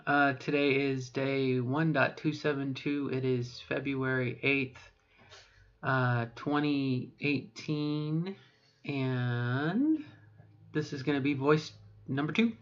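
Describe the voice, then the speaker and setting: On a dull lo-fi recording, a middle-aged trans woman speaks slowly in her very deep, unaltered voice for a voice training vlog. Her meandering self-talk is hesitant, with frequent self-corrections.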